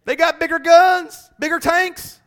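Man doing a crying soldier, high whiny voice, blubbering, mocking. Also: little pitch movement, a little slow, fairly bright tone, exaggerated voice. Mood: whining. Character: grown man soldier sobbing and whining in fear.

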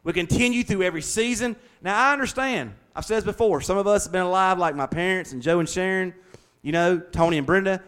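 A man preaching a sermon as pastor, folksy and conversational, speeding up and slowing down as he goes. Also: high-pitched, a bit bright, clean tone. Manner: folksy, conversational preaching with shifting pace and volume.

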